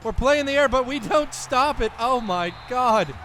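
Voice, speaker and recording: A young man giving casual, jokey play-by-play of a football video game, excitable, with his voice cracking now and then. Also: very high voice, a little hiss or hum. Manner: excitable, jokey, quick outbursts. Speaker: gaming YouTuber.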